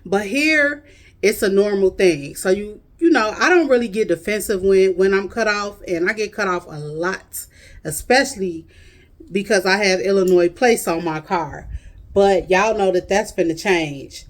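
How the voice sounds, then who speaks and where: A woman vlogger with a Chicago accent chats casually with her viewers at a measured pace and medium pitch. She drawls her words in a friendly, talkative way, calling them y'all and honey.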